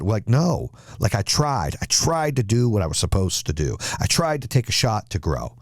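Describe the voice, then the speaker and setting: A man's voice: on the low side, sing-song, a little fast, few pauses, a little mellow, dry recording, studio quality. A man hosting a podcast as a motivational speaker, blunt and emphatic with repeated rallying lines. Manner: blunt, emphatic, repetitive, preachy. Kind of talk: motivational talk.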